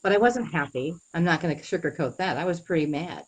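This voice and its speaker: In an interview, a young adult woman with a notably low, husky voice earnestly recounts her own story. She speaks haltingly, often pausing, restarting and plugging gaps with "you know," on a rough recording.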